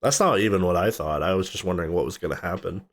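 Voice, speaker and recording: A man's voice: low voice, quick pace. A man co-hosting a podcast, rambling casually about a film, swearing and laughing as he retells scenes. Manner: rambling, swears casually, laughs often, acts out movie quotes. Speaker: podcast co-host. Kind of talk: casual movie chat.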